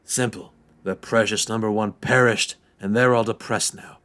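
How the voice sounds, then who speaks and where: A man's voice: lowish voice, fairly even intonation, moderate pace, fairly bright tone, close to an everyday voice. A man voicing a rude, grumpy male train engine in a fan audio drama, with a sneering, dismissive way of talking. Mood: grumbling. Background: music.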